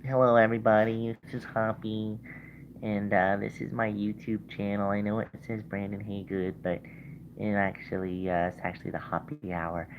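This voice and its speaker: A man voicing an angry, murderous male bunny, slow and half-whispered. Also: on the low side, little pitch movement, muffled recording, a little hiss or hum, lightly acted. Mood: chirpy.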